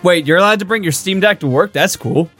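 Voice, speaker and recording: A man's voice: high voice, fairly quick, fairly bright tone, soft background music. A man co-hosting a comedy podcast in casual chat, teasing the others with playful interjections. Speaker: podcast co-host.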